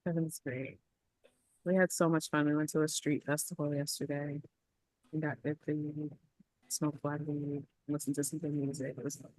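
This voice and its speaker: Woman, casual contestant chatter over a call, low pitch, dry close mic. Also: flat delivery, normal speed, darkish tone, no echo. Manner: chatty, talks straight to others. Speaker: game contestant. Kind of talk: casual chat on a video call.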